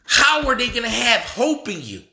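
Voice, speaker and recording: A man, delivering an impassioned monologue full of repeated rhetorical questions and swelling toward a shout. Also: extremely high pitch, huge pitch swings, normal speed, vocal fry. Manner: repetitive, rhetorical questions, rising to near shouting. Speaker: speaker addressing the nation. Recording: echoey room.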